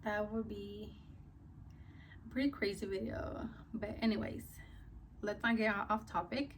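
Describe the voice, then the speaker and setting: A woman's voice: medium pitch, fairly even intonation, a little slow, far from the mic, background noise. Young woman vlogger, casual storytime, filler-heavy and slightly breathless. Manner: chatty, many fillers like "like" and "um". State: a little out of breath.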